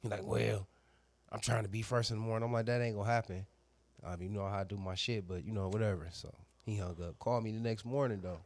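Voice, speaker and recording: A man, a barber, casually telling a crude story with lots of slang and voiced quotes, animated and loud at times. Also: on the low side, fast talker.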